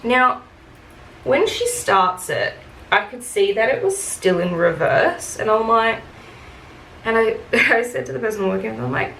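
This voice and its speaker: Woman vlogger, chatty makeup-chair storyteller, vocal fry, roomy echo. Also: a little high, very animated, measured pace, fairly bright tone. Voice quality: chatty, full of "like" and "um" fillers. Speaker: beauty vlogger. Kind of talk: casual storytelling rant while doing makeup. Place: room at home, doing makeup. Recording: echoey room, faint background hiss.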